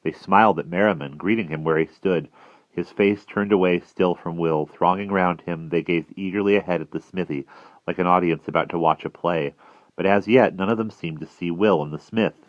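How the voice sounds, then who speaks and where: A man with a very low, deep voice reads a novel aloud at a measured pace. He stops and restarts a phrase now and then. The recording is dry, with a slightly dull sound. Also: no room sound. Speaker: narrator.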